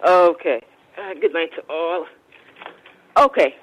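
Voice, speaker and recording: A woman's voice: fairly low pitch, expressive, slow pace, highs cut off. A woman calling in to a radio show, pressing the guest with probing, skeptical questions. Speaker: caller.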